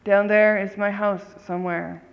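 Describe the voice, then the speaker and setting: A bold little girl, curious and frank, firing questions, as a storyteller puts her on. Spoken at an easy, slow pace with a long echoing hall around it. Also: medium pitch, level tone, vocal fry.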